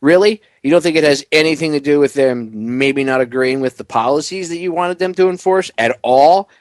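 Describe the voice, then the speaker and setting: A man's voice: on the high side, a little fast, no room sound. A man hosting a political talk radio show, ranting bluntly with heated sarcasm.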